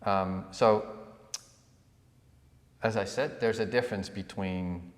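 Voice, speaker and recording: A man co-hosting a podcast, telling a parable in a relaxed conversational way and acting out the villagers' lines. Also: fairly low pitch, slow pace. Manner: animated storyteller who acts out villagers. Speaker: podcast co-host. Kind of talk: conversational storytelling. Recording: echoey room with long reverb.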